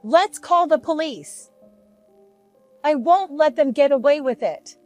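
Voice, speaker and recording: A woman's voice: sits high, lively intonation, takes it slowly, darkish tone, faint music behind, pitched above the performer's own voice. A woman narrator voicing a stern older grandmother who questions pointedly.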